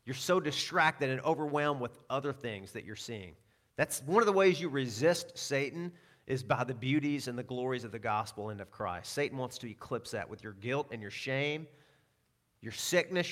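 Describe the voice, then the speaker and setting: A man's voice: mid-range voice, a bit bright. Conversational man preaching a sermon. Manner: conversational, storytelling with self-deprecating asides. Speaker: pastor.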